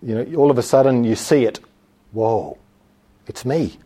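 Guy preaching, husky mellow voice, slows way down on the scripture bits. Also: medium pitch. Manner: reads scripture slowly and emphatically, then explains it conversationally. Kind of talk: sermon.

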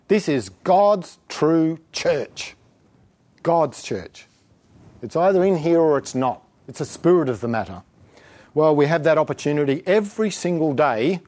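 A man delivering a sermon with a somewhat high voice that swings widely in pitch. He preaches emphatically and exhorts his listeners, often breaking into chuckles. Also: darkish tone.

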